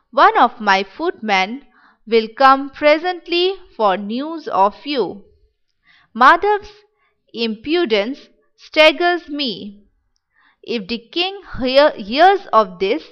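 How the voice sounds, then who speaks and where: Pompous spiteful village headman voiced by a woman, sneering, slow, bright, dull lo-fi sound. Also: high-pitched, full character voice. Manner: sneering and mocking. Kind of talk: dramatic reading of a play.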